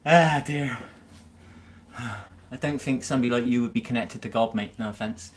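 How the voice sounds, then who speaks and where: A man's voice: medium pitch, moderate pace, noisy background. A man chatting casually on a live stream, teasing viewers with banter and frequent chuckles.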